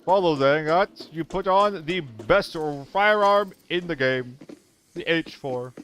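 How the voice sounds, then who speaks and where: Man doing a pompous game tutor, raised higher voice, loud and drawn-out instructional delivery. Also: animated, a little hiss or hum. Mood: mock-teaching. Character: overbearing male game tutor, mock-solemn teacher.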